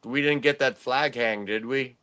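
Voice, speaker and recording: A man's voice: medium pitch, moderate pace, sharp tone, clear, resonant tone. Rambling fifties man telling stories. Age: 50s. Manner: rambling storytelling, laughs often. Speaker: podcast host. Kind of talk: casual chat.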